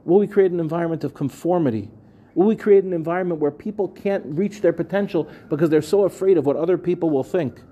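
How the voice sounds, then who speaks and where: The recording is dull, but the bright, slightly high male voice of a rabbi comes through as he teaches a lively Torah class at a quick pace to a room of listeners. He speaks conversationally, asks the audience questions, and repeats phrases.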